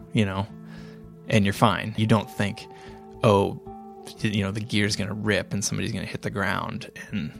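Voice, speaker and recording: Gravelly low-voiced man recounting a story. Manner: halting, many restarts and fillers. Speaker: interviewee telling his story. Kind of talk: reflective storytelling.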